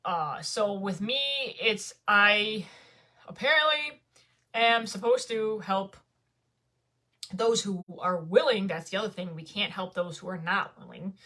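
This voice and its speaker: Casual woman vlogger, rambling and full of fillers, crisp bright tone. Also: mid-range voice, unhurried. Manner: rambling, conversational, many fillers. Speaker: spiritual vlogger. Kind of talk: casual talk to camera.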